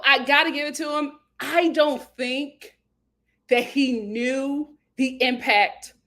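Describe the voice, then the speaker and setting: A woman hosting a reality TV recap in casual chat, sassy and animated, acting out the cast's lines with big laughs. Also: high voice.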